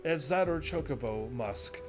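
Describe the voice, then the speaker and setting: A man's voice: medium pitch, animated, a little slow, over music. A young man casually commentating as he plays a game, joking and laughing to himself. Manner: jokey, laughs often, talks to himself. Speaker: gaming streamer. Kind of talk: casual let's-play commentary.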